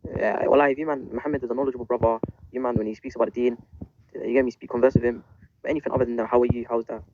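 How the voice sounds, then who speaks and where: Man, rapid blunt slangy talk, dull lo-fi recording, faint hiss. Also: medium pitch. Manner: blunt, animated, street slang. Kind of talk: casual religious discussion.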